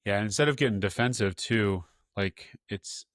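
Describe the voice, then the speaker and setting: A man's voice: lowish voice, moderate pace, fairly bright tone, no room sound, clean studio sound. A man hosting a podcast for dads, earnest and advising, with many "like" fillers. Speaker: podcast host, father. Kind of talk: casual interview chat.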